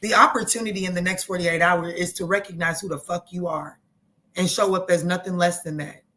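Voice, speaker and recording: A woman hosting a live tarot reading stream, talking casually and excitably, swearing freely and repeating herself. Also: fairly low pitch, brisk, slight background noise.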